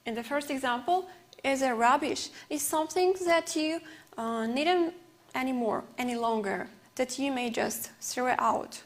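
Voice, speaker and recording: Slow, high-voiced English teacher with an Uzbek accent. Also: female voice. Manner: slow and explanatory, careful word-by-word teaching. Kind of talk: TV English lesson.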